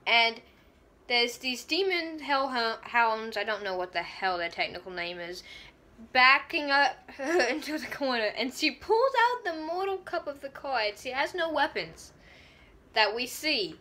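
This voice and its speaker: An excitable woman talks through a TV episode in a casual fan review vlog. Her voice sits high and sounds bright and sharp. She gushes and breaks into laughter mid-sentence. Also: a little slow.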